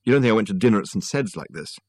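A man voicing a brisk, sharp-tongued woman who talks in a dry, clipped way. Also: fairly low pitch, animated, no room sound.

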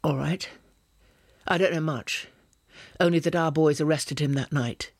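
A man's voice: on the high side, steady tone, measured pace, no echo, clean studio sound. A man reading an audiobook, voicing a cold, sly secret police officer who speaks clipped and smug. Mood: grudging.

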